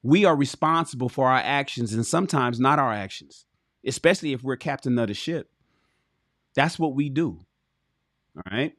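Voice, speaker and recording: At a normal speed and with a mid-range voice, a man hosts a livestream where he reads aloud from a relationship book. He keeps breaking off into blunt, profane commentary, animated and emphatic, speaking straight to his chat.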